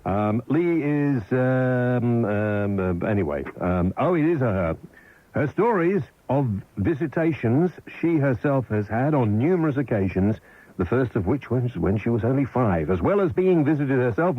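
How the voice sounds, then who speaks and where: Blunt radio host, man. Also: mid-range voice. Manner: blunt, wry, quick put-downs. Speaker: radio talk show host. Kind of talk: late-night phone-in chat. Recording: lo-fi radio recording.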